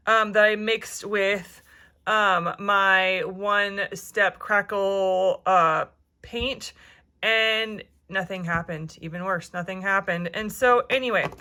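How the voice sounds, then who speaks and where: A woman's voice: medium pitch, takes it slowly, pushed and bright. A woman vlogger talking casually about her crafting, then earnestly praying for her viewers, with frequent ums. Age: adult with a son. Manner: chatty, with frequent ums and self-corrections. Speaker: jewelry-making vlogger. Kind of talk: casual vlog chat and prayerful encouragement.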